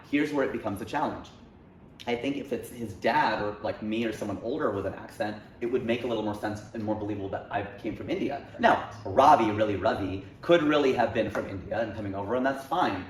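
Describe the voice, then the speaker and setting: A man in his forties, a comedian guest, talking in a casual interview with a lively, joking, argumentative manner. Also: lowish voice. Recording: roomy echo, faint noise.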